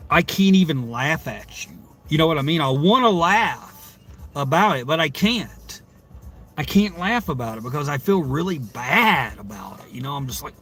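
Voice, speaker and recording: A livestream host with a slightly high, somewhat bright voice reads out viewers' stories from the comments. He reacts in a rambling, exasperated way and swears freely during the casual chat.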